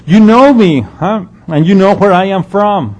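A man voicing a sarcastic preacher who mocks his listeners loudly. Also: high voice, a little slow, voice pushed up. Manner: loud, mocking, sarcastic. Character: sarcastic adult male preacher teaching a crowd.

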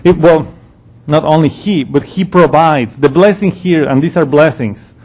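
A man's voice: on the high side, moderate pace, darkish tone. A man teaching through a Bible passage in a conversational, explanatory way. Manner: conversational, explanatory, with frequent restarts and ums.

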